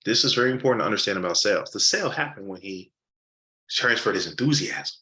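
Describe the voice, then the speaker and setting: An animated male sales coach with a lower voice that swings widely in pitch as he acts out customer conversations. His tone is bright and forceful, and he repeats key points for emphasis. The recording has a roomy echo. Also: fast talker. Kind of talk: live sales training session.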